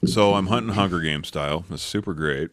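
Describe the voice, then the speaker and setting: A man's voice: deep voice, a little fast, background noise. A man co-hosting a podcast, telling a hunting story casually with swearing and acted-out bits. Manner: animated storyteller, swears, acts out others' lines. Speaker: podcast co-host.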